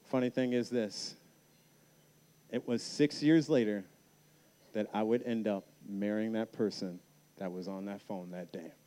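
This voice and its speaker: A man speaking at a youth camp, telling his own story as a sermon, dropping soft and slow on key lines. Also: lowish voice, fairly even intonation. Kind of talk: sermon with personal testimony. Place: large hall at a youth camp.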